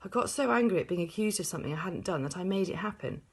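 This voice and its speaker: A woman's voice: lowish voice, expressive, quick pace, husky, pitched above the performer's own voice. A woman voicing a small, clever schoolgirl who speaks earnestly and eagerly in a storybook reading.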